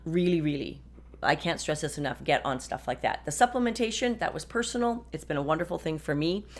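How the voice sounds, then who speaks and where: A woman in her fifties hosting a podcast from her desk at home, talking frankly and chattily with some wry sarcasm. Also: lowish voice. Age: 50s. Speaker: podcast host. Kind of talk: casual personal monologue.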